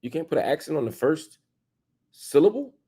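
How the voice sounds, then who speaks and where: A man in his forties hosting a show, delivering an emphatic opinion monologue full of rhetorical questions, swinging between loud and soft. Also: on the high side, sing-song, moderate pace, husky. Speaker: show host.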